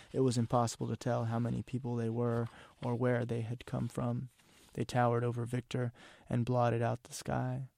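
Gravelly man reading somberly. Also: mid-range voice, darkish tone, dry recording, clean studio sound. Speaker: author reading his novel. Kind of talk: literary reading.

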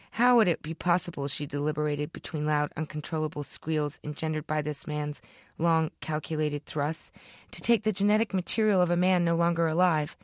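A woman reading her own short story aloud in a deadpan storytelling manner, close to the microphone. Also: low-pitched, no echo. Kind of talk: fiction reading.

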